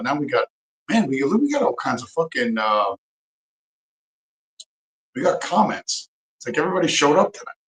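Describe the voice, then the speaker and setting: Man, livestream host, angry profane rant, repeats himself, mid pitch, echoey room. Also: a bit bright. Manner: profane, heated, repeats phrases for emphasis.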